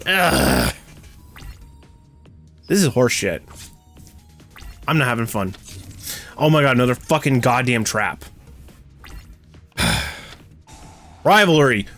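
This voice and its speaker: A man's voice: mid-range voice, fairly bright tone. A young man commentating his own card game play, ranting and swearing as his frustration builds. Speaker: gaming streamer. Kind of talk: gameplay commentary.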